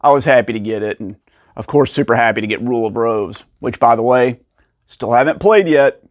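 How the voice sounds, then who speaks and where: A man casually telling stories about finding rare video games, acting out the people in them with sudden jumps in pitch and frequent laughs. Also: fairly quick, dry recording, studio quality. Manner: animated, acts out quoted dialogue with pitch jumps. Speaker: video game collector and channel host. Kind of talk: casual storytelling to camera.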